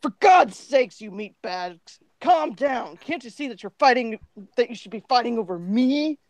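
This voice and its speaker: A woman's voice: a little high, lively intonation, moderate pace, no echo, natural voice. A woman doing a pompous, vain male hero. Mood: scolding vain.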